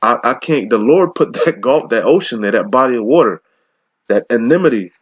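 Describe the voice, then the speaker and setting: A man gives a loose, slangy scripture lesson at an average pitch. He reads verses slowly and deliberately and breaks into casual, profane commentary. The recording is muffled, lo-fi and dry, with no room echo. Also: expressive, slightly rough. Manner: casual slangy asides, profane, laughs often; slow deliberate scripture reading. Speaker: scripture teacher. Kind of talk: informal scripture teaching.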